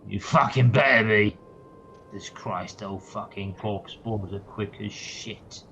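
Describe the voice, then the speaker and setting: A hunchbacked little satyr, put on by a man, grumbles in a low, muttering voice and swears at every turn. His manner is surly and scornful. The sound comes through a dull, lo-fi microphone. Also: slow, noisy background. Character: grumpy stunted male satyr guide, foul-mouthed.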